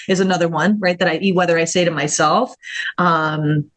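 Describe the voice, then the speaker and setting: A woman being interviewed as a therapist on a podcast, speaking lively, laughing often and acting out her own inner voice. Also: fairly low pitch, normal speed. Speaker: guest therapist and jiu-jitsu black belt.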